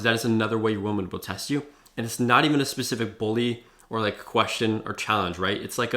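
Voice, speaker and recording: A man's voice: on the low side, a bit bright. A young man vlogging advice in a loose, profane way, heavy on fillers like "like" and "bro.". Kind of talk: casual talking-head advice.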